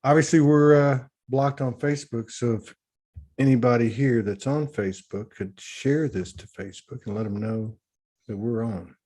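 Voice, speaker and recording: A man's voice: mid-range voice, moderate pace, mellow. A man hosting an online spiritual talk livestream, speaking casually and emotionally, rambling with restarts as he greets a guest on a video call.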